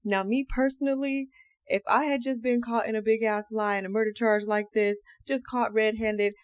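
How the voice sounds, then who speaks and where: A woman hosting a true crime podcast, telling the story in a casual, slangy, animated way and acting out the quotes. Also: a little high, moderate pace, clear, resonant tone, dry recording. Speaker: podcast host.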